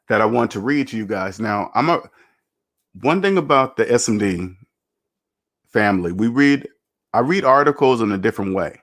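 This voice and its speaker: A man hosting a casual finance livestream, lecturing emphatically and repeating his points. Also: on the low side. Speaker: personal finance YouTuber.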